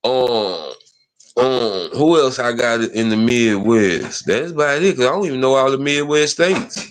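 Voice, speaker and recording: A man's voice: medium pitch, animated, unhurried, noisy background. A man hosting a casual podcast, talking in a loose, slangy, rambling way with many fillers. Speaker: podcast host.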